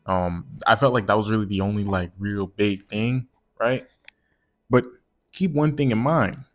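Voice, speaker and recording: A man's voice: fairly low pitch, unhurried, soft background music. Slangy man rambling through a story. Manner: slangy and profane, rambling with repeated words. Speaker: vlogger telling a personal story. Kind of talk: casual storytime monologue.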